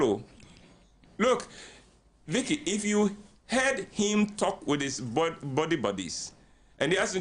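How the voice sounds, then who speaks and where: An older Ghanaian-accented man gives relaxed counselling talk as a radio guest, telling stories animatedly, acting out the voices he quotes and chuckling often. His voice is high-pitched and his pace measured.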